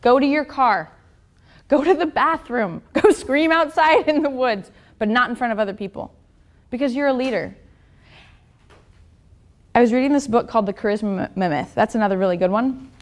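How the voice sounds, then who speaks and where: A woman coach delivers a motivational seminar talk in a fairly high voice. She is blunt and swears freely, and she keeps turning to the audience with quick questions. Her energy makes her pitch and loudness jump around. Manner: blunt and profane, keeps asking the audience "right?". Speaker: business and fitness coach.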